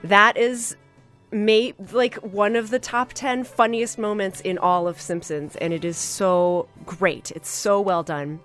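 A woman hosting a podcast, reviewing an episode in a casual, enthusiastic way with many fillers and pauses. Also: medium pitch, steady tone, a bit bright, soft background music. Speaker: podcast host.

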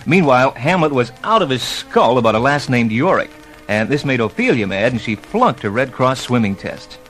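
Man, comic radio narrator, wry, animated, faint music. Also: mid-range voice, normal speed, rough recording. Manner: wry deadpan punchlines. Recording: old radio recording with music.

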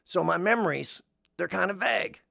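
A man's voice: high voice, animated, normal speed, vocal fry, pushed and bright, no echo, studio quality, voice pushed up, full character voice. A man voicing a mild, earnest male creature made from a sock, who talks in a hesitant, rambling way full of fillers. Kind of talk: comedic podcast interview bit.

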